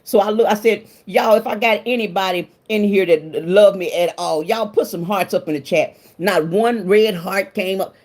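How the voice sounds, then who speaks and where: A woman's voice: medium pitch, normal speed, few pauses, darkish tone. A woman hosting a casual livestream, chatting with viewers and greeting them by name, emotional and confiding, laughing often. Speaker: livestream host.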